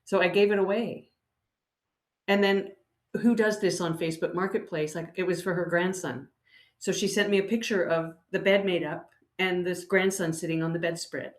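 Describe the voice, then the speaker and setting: A woman's voice: on the low side, fairly even intonation, moderate pace. Tired woman host in an echoey room. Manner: candid, storytelling with laughs. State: tired from poor sleep. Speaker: podcast host. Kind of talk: casual chat.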